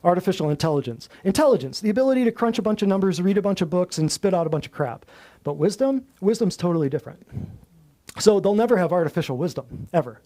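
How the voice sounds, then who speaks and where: A man's voice: sits high, mellow. A man hosting a natural health talk, preaching bluntly to a live group in a folksy, slangy way and piling up long emphatic lists. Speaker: natural health clinic host.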